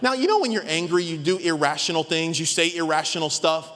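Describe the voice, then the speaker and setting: A man's voice: fairly high pitch, a little fast. A man in his thirties preaching a sermon as a pastor, telling a story and acting out the voices in it. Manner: animated, acts out voices in his stories. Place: large church hall. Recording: long hall reverb.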